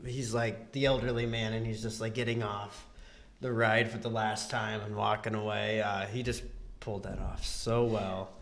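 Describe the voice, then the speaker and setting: A man's voice: on the low side, little pitch movement, moderate pace, gravelly, fairly bright tone. A male co-host chats casually during an interview. He speaks hesitantly and fills his sentences with plenty of uhs and likes. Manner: hesitant, lots of filler words.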